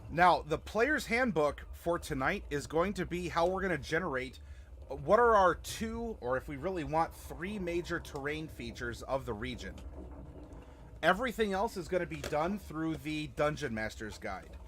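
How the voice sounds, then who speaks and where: A man's voice: fairly high pitch, sing-song, moderate pace, a bit bright, a little hiss or hum. A young man hosting a live stream as game master, chatting casually and rambling with many fillers and restarts.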